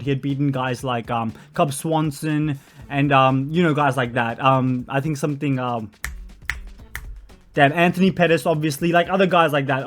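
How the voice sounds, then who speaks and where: Opinionated young man ranking fighters. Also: a little high. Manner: blunt, opinionated, with frequent fillers and self-corrections. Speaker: MMA commentary channel host. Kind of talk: opinionated solo commentary. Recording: faint background music.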